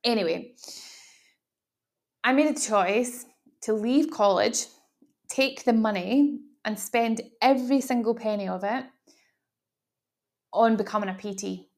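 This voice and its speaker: A woman's voice: a little high, unhurried, long pauses, darkish tone. A young woman with a mild Glaswegian accent, hosting a solo podcast and rambling through her own story with restarts and laughs. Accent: mild Glaswegian Scottish. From Glasgow, Scotland. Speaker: podcast host.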